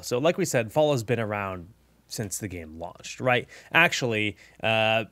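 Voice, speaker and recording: A man talks through game news and hero builds in a casual, upbeat way. He fills his sentences with ums and "you know"s. His mid-pitched voice is recorded close and dry, with no room sound. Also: no room sound. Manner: upbeat, chatty, lots of fillers. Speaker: gaming channel host.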